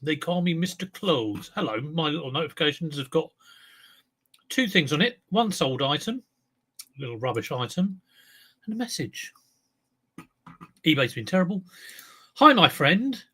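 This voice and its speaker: A man's voice: on the high side, expressive, moderate pace, long pauses, fairly bright tone, slightly rough. A man chatting casually on his live stream as a clothes reseller, self-mocking, humming along and talking while he eats. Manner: chatty, self-mocking, breaks into song and talks while eating.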